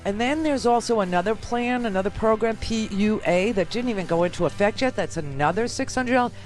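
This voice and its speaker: A woman from New York hosting political talk radio, sarcastic and animated, full of rambling asides. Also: medium pitch, a little fast, soft background music.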